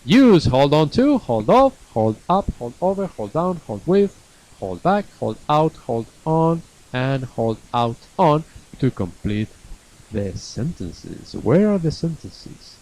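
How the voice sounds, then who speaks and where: A man teaching a live online English lesson from an academy classroom, repeating each phrase slowly and stretching key words. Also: on the high side, big pitch swings, darkish tone, rough recording.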